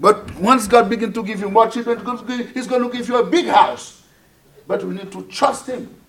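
A man's voice: high-pitched, fairly even intonation, normal speed, gravelly, slightly rough. Emphatic Haitian-born male preacher. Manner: repetitive, emphatic, swings between loud and soft. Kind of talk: sermon.

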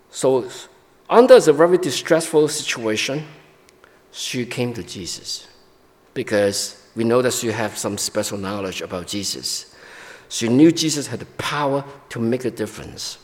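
Man, pastor, sermon, halting explanatory delivery, long hall reverb. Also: medium pitch. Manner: explanatory, halting with frequent restarts.

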